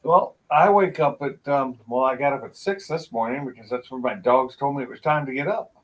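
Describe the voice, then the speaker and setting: A man's voice: mid-range voice, a little fast, low-quality recording. A man hosting a casual live chat with friends, talking in a laid-back, drawling way. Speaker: host.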